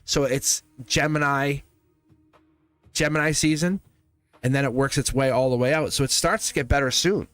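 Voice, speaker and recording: A man hosts a live tarot reading, talking straight to his viewers in a loose, chatty way. He laughs often and doubles back on his words. His voice sits in an ordinary middle pitch, with faint music playing underneath. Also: steady tone, normal speed, a bit bright, clear, resonant tone, dry recording. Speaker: tarot reader, livestream host.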